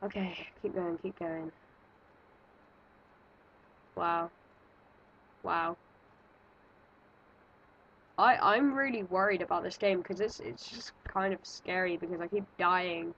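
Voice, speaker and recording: A woman's voice: on the low side, slow pace, long pauses, a bit bright, muffled recording, slight background noise. A woman giving nervous, jumpy let's-play commentary, thinking aloud and exclaiming as she plays. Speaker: gaming video creator.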